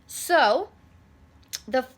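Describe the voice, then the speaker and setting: A woman's voice: high-pitched, expressive, drawn-out words. A young adult woman vlogger telling a storytime in a chatty, rambling way, full of "like" fillers. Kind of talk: casual storytime.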